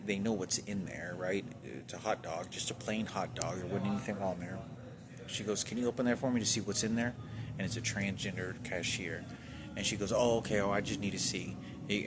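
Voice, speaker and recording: A man's voice: deep voice, background noise. A man from Texas venting in a rambling, agitated monologue with heavy swearing, trailing off often.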